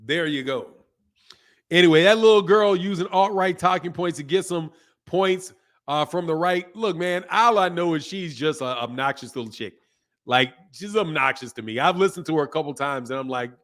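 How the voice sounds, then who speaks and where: A man hosting a casual livestream, reading viewer comments aloud and answering them bluntly, swearing and laughing often. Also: fairly high pitch. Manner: blunt, profane, laughs often, animated asides. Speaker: boxing channel host.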